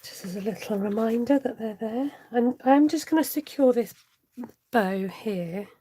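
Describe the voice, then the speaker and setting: A woman's voice: a little high, measured pace, dark tone, a little hiss or hum. A woman hosting a live craft tutorial, chatty and giggly as she reads out viewer comments. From United Kingdom. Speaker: crafting channel host.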